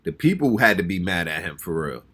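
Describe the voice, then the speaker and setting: A man's voice: low voice, very animated, brisk, a bit bright, a little hiss or hum. An American man hosting a reaction channel, talking casually and exclaiming as he reacts, often repeating himself. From United States. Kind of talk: casual music reaction commentary.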